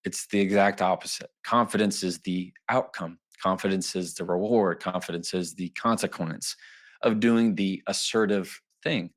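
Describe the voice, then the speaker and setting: A man, a lawyer guest on an interview show, explaining his ideas in a lively way and often acting out little quoted exchanges. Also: deep voice, moderate pace. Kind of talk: interview answers, explaining and teaching.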